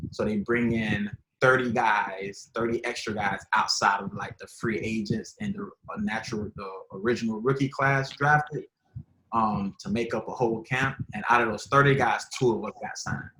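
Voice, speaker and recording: A former pro football player and college coach in casual, emphatic conversation with high school athletes. He speaks informally with slang and repeats himself as he tells stories and gives advice. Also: noisy background. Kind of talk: casual motivational storytelling. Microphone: video call. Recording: echoey room over a video call.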